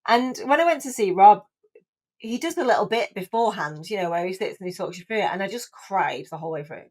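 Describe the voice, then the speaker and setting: This woman in her forties speaks fast with a medium-pitched, darkish, animated voice. She's a podcast guest telling her own story in casual chat, loose and chatty, restarting sentences and scattering "like" and "you know" as she sounds openly emotional.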